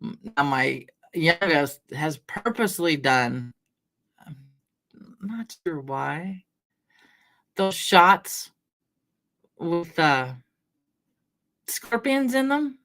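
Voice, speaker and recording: Low-voiced chatty woman livestreaming. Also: lively intonation, extremely slow, long pauses, fairly bright tone. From Washington State, US. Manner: chatty, rambling, laughs often, greets viewers by name. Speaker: livestream host. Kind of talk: casual chat with live chat readers.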